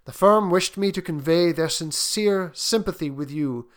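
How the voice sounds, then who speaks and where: A man voicing a formal male visitor in a measured, restrained way. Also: fairly high pitch, voice pushed up, natural voice. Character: uneasy formal male visitor, middle-aged.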